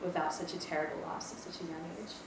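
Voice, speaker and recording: A woman's voice: sits low, little pitch movement, fast. A woman in her twenties from Maui, on staff with a campus ministry, sharing a chatty, self-deprecating personal testimony with many ums. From Maui, Hawaii. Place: lecture room. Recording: echoey room, distant mic, background noise.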